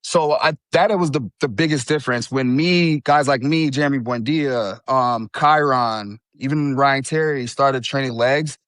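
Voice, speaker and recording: A man in his thirties, a bodybuilding champion talking casually as a guest in an interview, easygoing and quick to laugh. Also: mid-range voice, no room sound. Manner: relaxed, laughs easily, says bro and you know.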